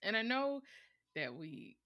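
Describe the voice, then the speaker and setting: A woman in her twenties speaks on a podcast in an upbeat, measured way. Her pitch moves a lot, her voice is bright, and she talks slowly. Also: big pitch swings. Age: 20s. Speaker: podcast co-host. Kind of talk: casual chat.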